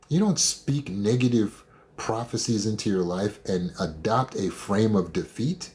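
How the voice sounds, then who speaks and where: Blunt, emphatic man with a lowish voice. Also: animated, measured pace, a little mellow. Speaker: trauma recovery coach. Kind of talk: motivational talk.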